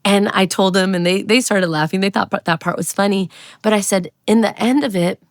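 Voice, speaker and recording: An American woman telling a personal testimony in an earnest, halting way, with many restarts. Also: mid-range voice, no echo, clean studio sound. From United States. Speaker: guest sharing a testimony.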